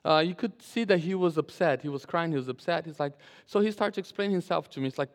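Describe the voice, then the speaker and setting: A male pastor preaching a sermon and telling a story, animated, often restarting and repeating his phrases. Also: a little high, quick pace, hardly any pauses, in a large hall. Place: church sanctuary.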